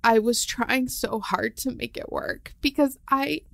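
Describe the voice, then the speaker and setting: A woman's voice: a little high, a little slow, vocal fry, a bit bright, no echo. A woman co-hosting a podcast, recounting her story in an open, heartfelt way with many fillers. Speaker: podcast co-host. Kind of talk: candid conversational storytelling.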